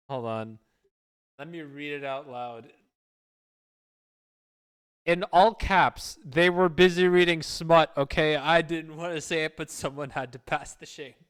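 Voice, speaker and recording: A man's voice: medium pitch, a bit bright, clear, resonant tone. A man chatting casually on a live stream, rambling and stumbling over repeated words.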